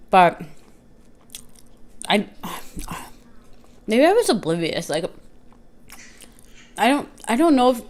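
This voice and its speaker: A woman vlogger telling a casual story while eating, rambling and acting out both sides of a conversation with lots of "I'm like" and "he's like.". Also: mid-range voice. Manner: rambling, quotes herself and others with "I'm like" and "he's like"; chatty filler-heavy talk with restarts. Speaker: mukbang vlogger.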